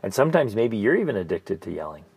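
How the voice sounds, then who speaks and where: A man hosting a casual podcast as a family coach, telling stories earnestly and sinking to soft, near-whispered emphasis on key points. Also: fairly low pitch, sing-song, quick pace, husky.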